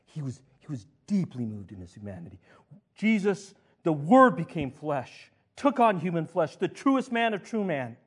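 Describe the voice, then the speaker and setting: A man preaching a sermon as a pastor, swinging from loud declarations to hushed words and repeating phrases for emphasis. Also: a little high, very animated, normal speed, slightly rough.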